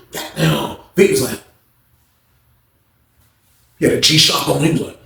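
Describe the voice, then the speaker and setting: A man's voice: a little high, fairly even intonation, a little slow, vocal fry, pauses often, a bit bright, echoey room. A man telling a story in a casual way, full of street slang and swearing, acting out the voices of the people in it. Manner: acts out other people's voices while retelling.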